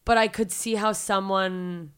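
A woman interviewing a guest in casual chat. Her voice is bright and clear, with a crisp edge. She laughs easily and slips into little acted quotes. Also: medium pitch, fairly even intonation, measured pace. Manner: chatty, laughs often, acts out quotes. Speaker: podcast host.

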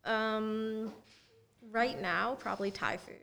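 A woman's voice: fairly high pitch, fairly even intonation, slow pace, gravelly, a bit bright. A woman chatting casually on a podcast, giving short replies. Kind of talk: casual chat.

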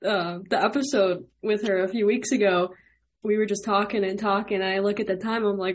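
A woman's voice: medium pitch, steady tone, a little fast. A young woman hosting a podcast, chatting in a bubbly, rambling way and laughing often. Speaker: podcast host. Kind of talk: casual interview chat.

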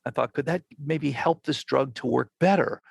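Older man, gravelly husky voice, dry close sound, animated interview storyteller. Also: medium pitch, moderate pace, no room sound. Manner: animated storyteller acting out quoted exchanges. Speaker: physician and researcher guest.

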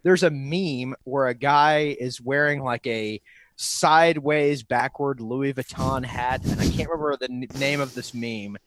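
A man's voice: mid-range voice, measured pace, background noise. A man co-hosting a podcast in casual chat, joking and teasing and laughing often. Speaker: podcast co-host.

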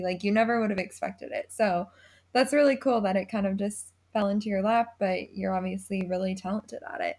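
A woman's voice: mid-range voice, steady tone, a little fast, darkish tone. A young woman hosting a podcast, enthusiastic and chatty, with lots of "like" in her talk. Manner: enthusiastic, says "like" often. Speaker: podcast host. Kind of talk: casual interview talk.

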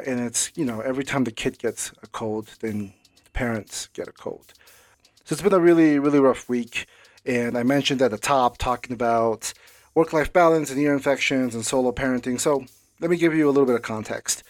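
A man's voice: medium pitch, no echo. A man in his thirties hosting his own podcast from home, talking casually and rambling with fillers and restarts while he has a cold and a cough. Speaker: podcast host. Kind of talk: casual solo podcast talk.

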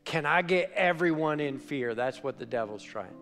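A male pastor preaching a sermon, telling a story with animated shifts between loud and quiet. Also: a little high, moderate pace, hardly any pauses. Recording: long hall reverb, faint music.

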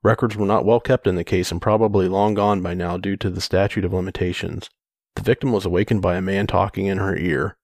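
A low-voiced man narrates true crime case details in a plain, matter-of-fact way, dropping in casual remarks. The sound is close and dry. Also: steady tone, fairly quick, dry recording. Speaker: podcast co-host.

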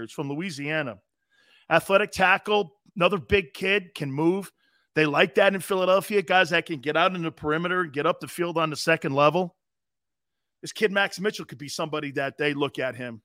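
A man's voice: on the high side, moderate pace, sharp tone, dry recording, clean studio sound. A man in his fifties hosting a live sports talk show, brash and profane, mocking players as he talks.

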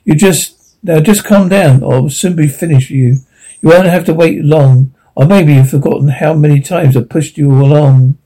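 A man's voice: a little high, normal speed, warm tone, natural voice. A man voicing a contemptuous older male stag with a limp, speaking in a scornful, mocking way. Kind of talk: audiobook character reading.

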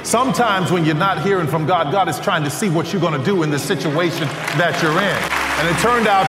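Man, motivational speaker, fervent and repetitive, slightly high voice, live hall with crowd and music. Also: brisk, very noisy. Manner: impassioned, repeats phrases for emphasis. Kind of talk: motivational speech.

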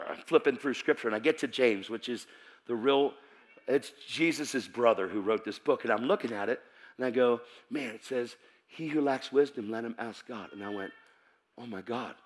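Male preacher, higher voice, very animated delivery, testimony-driven sermon. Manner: animated storytelling that bursts into shouting.

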